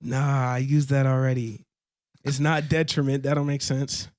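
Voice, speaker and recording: A man's voice: mid-range voice, little pitch movement, normal speed, darkish tone, no room sound, studio quality. A young man co-hosting a casual faith podcast, earnest and laughing often, sometimes searching for words. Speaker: podcast co-host.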